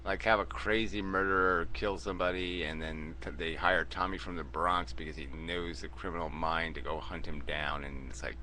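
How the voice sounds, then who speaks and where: A man's voice: sits low, fairly even intonation, normal speed, hardly any pauses, bright, forceful tone, a little hiss or hum. A man talking bluntly and dismissively in a casual, profane group chat. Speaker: video host debating in a live chat.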